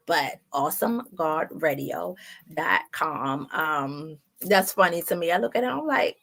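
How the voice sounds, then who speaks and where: A woman's voice: lowish voice, gravelly, fairly bright tone. A woman with a Baltimore accent hosting her own online show, chatty, laughing at herself and using many fillers. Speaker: online radio show host. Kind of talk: casual announcements to viewers.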